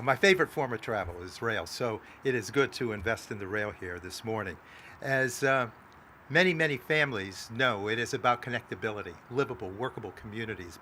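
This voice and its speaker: A man, a congressman, giving a halting speech with many fillers at a press event. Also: mid-range voice, sharp tone, a little hiss or hum.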